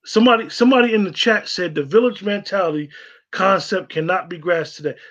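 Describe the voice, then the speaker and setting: Emphatic man, high voice, dull lo-fi sound, preachy co-host. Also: fairly quick, a bit bright. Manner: emphatic, preachy, repeats for stress. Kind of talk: casual online discussion.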